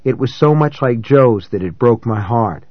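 A man reading a novel aloud in first person, measured and reflective, in a dry, slightly dull recording. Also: medium pitch, expressive, dry recording. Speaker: audiobook narrator.

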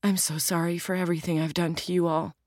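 A remorseful young woman who has robbed a bank speaks quietly and with restraint, as a female audiobook narrator reads her. Her voice is a little low and recorded dry and close. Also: little pitch movement, fast, no echo, natural voice.

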